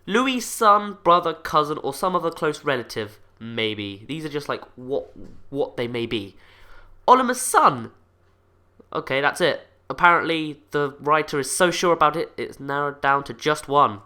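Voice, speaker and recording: Animated man with bright, lively voice. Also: fairly high pitch, normal speed. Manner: animated, jokey asides, drops to mumbling. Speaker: video host. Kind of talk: casual commentary on fan theories.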